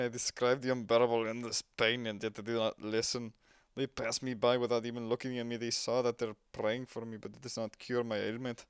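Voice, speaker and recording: A man voicing a desperate, frail older male patient who pleads loudly in pain. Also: mid-range voice, smooth, no echo, studio quality, lightly acted. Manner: loud anguished pleading.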